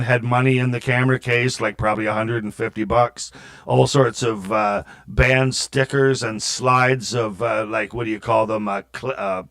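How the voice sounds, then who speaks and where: A man's voice: medium pitch, fairly bright tone. Man, middle-aged, metal show host, casual monologue, rambling, profane, self-interrupting.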